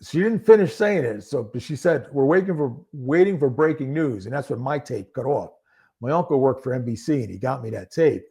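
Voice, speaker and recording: A man talking as a podcast guest, telling his story in a casual, animated way and acting out what other people said. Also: medium pitch, brisk, vocal fry, breathy edge. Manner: casual speech with many fillers. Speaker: podcast guest, former narcotics detective. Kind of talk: conversational storytelling.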